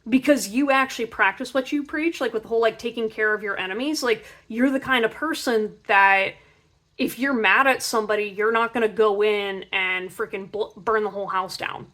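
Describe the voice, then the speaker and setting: Young woman, tarot reader, chatty and animated, slightly high voice, casual reading. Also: moderate pace. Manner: chatty, animated, heavy on filler words.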